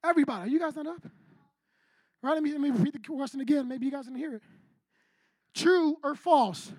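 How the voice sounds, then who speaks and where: A man's voice: very high-pitched, rapid-fire, a little mellow, dry recording, clean studio sound. A young man preaching a youth sermon in a direct, slangy way, asking the room questions and acting out what people say. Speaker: youth pastor. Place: church youth service before a live group.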